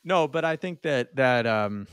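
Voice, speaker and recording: A male podcast host asks questions in a loose, halting way, laughing often as he talks. His mid-pitched voice is close to the mic and sounds dry. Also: animated, fairly bright tone, clear, resonant tone, no room sound. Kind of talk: casual podcast interview.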